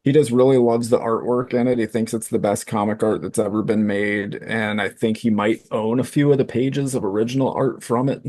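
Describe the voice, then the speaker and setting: A man co-hosting a casual talk show, retelling things in a relaxed, hedging way. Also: fairly low pitch, brisk, few pauses, no echo, studio quality. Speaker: co-host. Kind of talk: casual chat.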